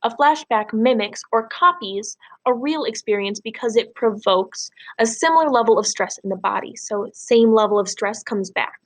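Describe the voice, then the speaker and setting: A woman's voice: fairly high pitch, moderate pace, hardly any pauses. A woman teacher giving a recorded lesson, explaining and reading a novel aloud patiently. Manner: clear, patient, explaining step by step.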